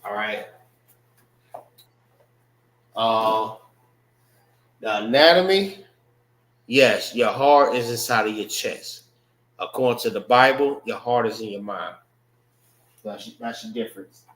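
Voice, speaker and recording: A man leads a language class at an unhurried pace, going over each word again and again. His voice has a mid pitch and echoes around the room he teaches in. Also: fairly bright tone. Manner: slow, repeats words while spelling them out. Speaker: religious class instructor.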